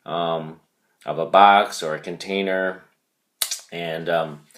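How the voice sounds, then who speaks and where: A male teacher walks through a vocabulary word in a lesson video. His voice sits low, and he moves slowly and deliberately. He repeats key words so they sink in.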